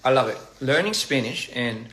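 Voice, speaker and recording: A man's voice: mid-range voice, expressive, normal speed, background noise. Man chatting during a meal livestream. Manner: playful, laughing, stumbling over foreign phrases. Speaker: livestream host. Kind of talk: casual livestream chat. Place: indoors at a meal. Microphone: phone livestream.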